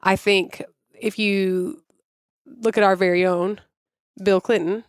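A woman on a podcast who talks in a quick, pointed way and challenges what others say. Her pitch sits mid-range, and the sound is dry and close. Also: fairly even intonation, smooth, no room sound. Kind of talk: casual podcast chat.

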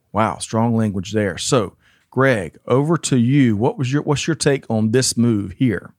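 A man's voice: fairly low pitch, darkish tone, no echo, studio quality. Upbeat man co-hosting a news chat. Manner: upbeat, reads story points aloud, stumbles on names. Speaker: podcast co-host. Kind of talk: casual news discussion.

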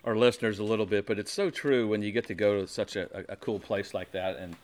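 A man's voice: fairly low pitch, fast talker, a little hiss or hum. A man hosting a podcast, telling a long story in casual chat, acting out other people's lines with many restarts. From American Midwest. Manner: animated storyteller, acts out quotes, frequent restarts. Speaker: podcast host.

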